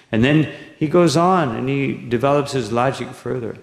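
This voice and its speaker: A man's voice: medium pitch, moderate pace, vocal fry, few pauses. A man, a monk, giving a scripture lecture, talking in a rambling way with frequent "no?" and "you know" tags and reciting Sanskrit verses. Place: temple hall. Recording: echoey hall recording.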